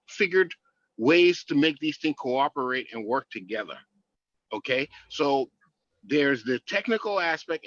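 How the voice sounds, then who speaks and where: A man's voice: fairly high pitch, fairly bright tone, no room sound, highs cut off. A man explaining technical matters patiently, often checking in with "okay?". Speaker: guest expert. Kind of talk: explanatory talk.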